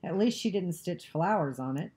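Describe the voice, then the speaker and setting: A woman's voice: lowish voice, animated, normal speed, warm tone, close to an everyday voice. A woman voicing a harsh, contemptuous male soldier who barks and snaps his questions, in a storybook reading. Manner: barking, contemptuous, snapping.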